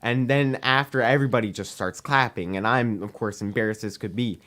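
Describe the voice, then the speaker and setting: A man's voice: lowish voice, a little fast, fairly bright tone. A teenage boy, a podcast guest, telling a long story in casual chat, full of "um" and "we're like" as he acts out the dialogue. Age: teens. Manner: rambling, heavy use of "we're like" and "um".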